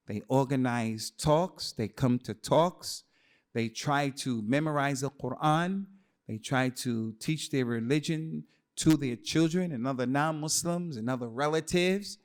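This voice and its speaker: A man giving an Islamic lecture to a congregation in a mosque hall, speaking emphatically, repeating phrases for stress and mixing in Arabic terms. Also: a little high. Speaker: preacher. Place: mosque hall with men's and women's sides.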